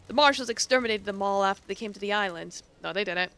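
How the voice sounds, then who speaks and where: A woman's voice: medium pitch, fast talker, fairly bright tone, smooth. A woman streaming a game, reading its dialogue aloud and adding casual, swearing asides.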